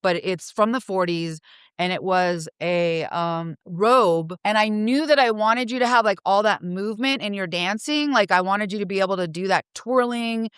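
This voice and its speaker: Smooth-voiced woman guest reminiscing. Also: mid-range voice, moderate pace, no echo, clean studio sound. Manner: relaxed, reminiscing, sprinkled with "like" and "you know". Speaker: costume designer guest. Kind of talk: casual interview chat.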